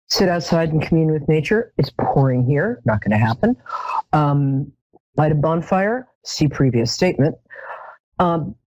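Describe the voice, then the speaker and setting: A woman's voice: low voice, darkish tone, slightly rough, dry recording. A middle-aged woman hosting a live psychic show, chatting casually with dry, self-mocking humor and many ums. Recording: dull, lo-fi webcam sound.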